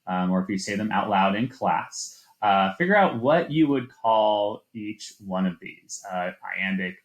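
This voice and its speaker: A man's voice: on the low side, expressive, a little slow. A man teaching a class, lecturing loosely with many fillers and restarts. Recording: echoey room.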